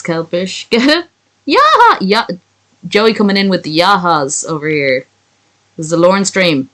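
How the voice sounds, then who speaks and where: A woman's voice: medium pitch, fairly bright tone. A woman reading a fan story aloud on a livestream, breaking off for profane, sarcastic chat with her viewers. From not from America.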